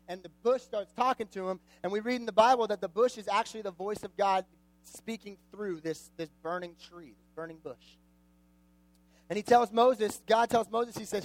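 High-voiced young man preaching casually. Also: poor audio. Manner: conversational, jokey, asks the audience questions. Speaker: youth pastor. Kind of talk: casual sermon to a youth group.

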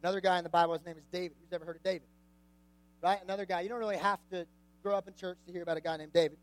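A young preacher with a high voice talks to a room of students in a relaxed, conversational way. He jokes and throws questions out to the audience as he tells the story. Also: very fast, rough recording. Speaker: youth pastor. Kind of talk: casual sermon to a youth group.

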